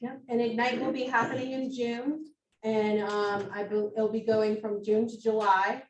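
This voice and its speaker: A woman's voice: on the high side, level tone, moderate pace, darkish tone, muffled recording. A woman co-presenting at an office team meeting, friendly and encouraging. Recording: roomy, distant mic, faint noise.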